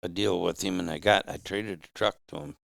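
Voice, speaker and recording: Deep, very gravelly man. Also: steady tone, brisk, a bit bright, no echo, clean studio sound. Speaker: guest. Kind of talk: casual storytelling.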